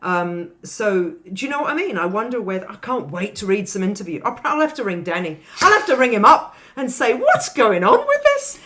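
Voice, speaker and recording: A woman co-hosting a film podcast, talking in a chatty, animated way with lots of asides. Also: medium pitch, a little fast, few pauses. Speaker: podcast co-host. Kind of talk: casual film discussion.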